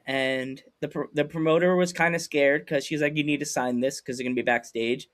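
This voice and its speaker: A man hosting a podcast over a video call, telling stories in a lively way and acting out what people said. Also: a little high, brisk. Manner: animated storyteller acting out quotes. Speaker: podcast host. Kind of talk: casual storytelling chat.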